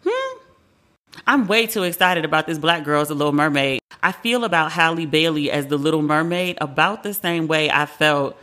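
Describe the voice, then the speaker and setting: Woman in her 40s doing casual pop culture chat, bright forceful voice, swears a lot. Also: on the low side. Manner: chatty, candid, swears freely, acts out quotes. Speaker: podcast host.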